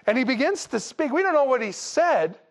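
A man preaching a sermon, telling the story in a humorous, animated way and acting out the dialogue casually. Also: extremely high pitch, fairly quick. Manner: acts out dialogue in a casual, jokey way. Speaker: pastor.

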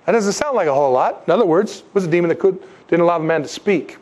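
A man with a slightly higher voice preaches a sermon. He talks conversationally and is animated, and he acts out the quotes himself. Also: fast talker, hardly any pauses. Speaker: pastor.

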